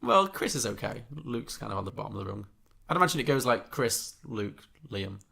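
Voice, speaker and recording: A man speaks quickly in a gravelly, bright voice, trading jokes with a friend. He mostly reacts with dry quips and short agreements. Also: medium pitch, big pitch swings. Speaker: podcast co-host. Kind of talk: casual chat, reacting and joking.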